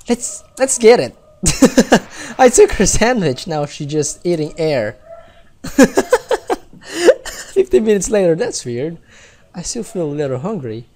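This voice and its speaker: A man's voice: on the high side, a little mellow. A man from the Philippines casually commentating a game, chatty and giggly, reading the game's text aloud. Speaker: gaming let's-player.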